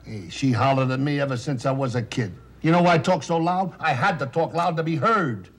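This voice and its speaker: A loud bitter talent agent. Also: male voice, fairly high pitch, brisk. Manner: loud, wisecracking, sour and self-pitying. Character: loud bitter talent agent, man, middle-aged, self-pitying. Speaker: theatrical agent. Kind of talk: 1970s television drama acting.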